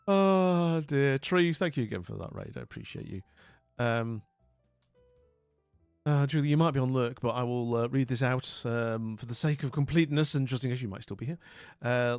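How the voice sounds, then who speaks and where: A man's voice: medium pitch, darkish tone, no room sound. A British man hosting a live stream, chatting casually with viewers in a rambling, self-mocking way. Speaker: streamer host.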